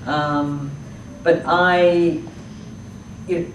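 A woman, an actress talking through her thoughts in a public talk, halting often with fillers and restarts. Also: deep voice, fairly even intonation, slight background noise. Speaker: actress answering audience questions. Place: public library talk room. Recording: echoey room from far off.

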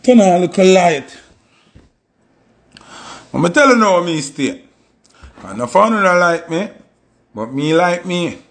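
Gravelly Jamaican man telling stories. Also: slow, long pauses. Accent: Jamaican Patois. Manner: animated, acts out quoted voices with sudden high jumps. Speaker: commentator. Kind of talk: casual storytelling monologue.

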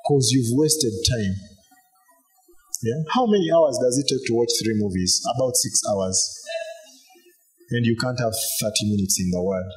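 A pastor preaching a sermon in a loose, conversational way, repeating phrases and using fillers. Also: male voice, mid-range voice, a little slow, pauses often, soft background music, rough recording.

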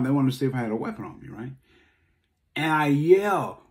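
A man with a mid-range voice tells a personal story in a talk. His delivery is casual and conversational. He acts out the dialogue, and his pitch jumps sharply at the tense moments. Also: normal speed. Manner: animated, acts out dialogue, voice jumps high when upset. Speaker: speaker.

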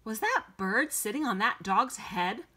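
Earnest small girl of five, plain-spoken and bright-toned, read by a woman narrator. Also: a little high, very animated, unhurried, slightly rough, exaggerated voice. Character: earnest little girl, almost six. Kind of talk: audiobook character voice.

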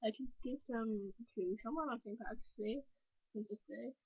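A woman's voice: fairly high pitch, moderate pace, breathy edge, no room sound, highs cut off. A woman voicing a cocky young male hedgehog hero in a fan dub, boastful and rambling. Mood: carefree.

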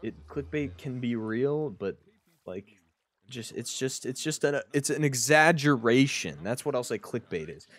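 A man's voice: mid-range voice, expressive, a little slow, dry recording, faint music behind. A man streaming a game, rambling and mumbling to himself, often trailing off mid-sentence. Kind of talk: casual gameplay commentary.

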